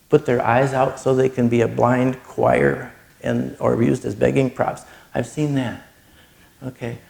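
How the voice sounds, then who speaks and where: Middle-aged man, charity speaker, earnest storyteller; heavy vocal fry, mid pitch. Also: warm tone. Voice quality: gravelly. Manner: earnest storytelling, gets choked up. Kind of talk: personal testimony talk.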